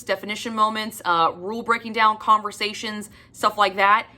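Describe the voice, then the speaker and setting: A woman talking through her reading in a loose, chatty book-vlog way, with a bright, forward tone. She gushes freely, stacks up repeated words for emphasis and lets a swear word slip now and then. Her pitch sits right in the middle. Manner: casual, with the odd swear word. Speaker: book vlogger. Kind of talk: casual book review chat.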